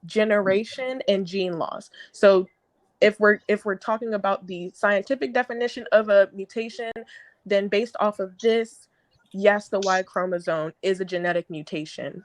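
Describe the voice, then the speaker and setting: A woman of middle pitch reads scientific findings aloud to a panel. She is careful and explanatory, and her voice has a dry, close sound. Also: moderate pace, no echo, rough recording. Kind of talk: reading research aloud.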